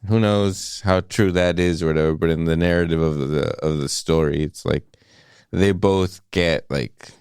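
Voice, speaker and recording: A man with a deep, smooth voice recaps a film for a podcast in a loose, profane way. He jumps into acted-out quotes as he goes. The recording is dry and close. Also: fairly even intonation, moderate pace, darkish tone, no room sound. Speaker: podcast co-host. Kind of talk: casual movie-review chat.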